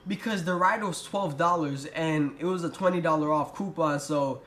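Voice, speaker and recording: A man's voice: fairly high pitch, moderate pace, a bit bright. A young man telling a storytime vlog in a profane, exasperated rant. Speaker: vlogger. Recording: roomy echo.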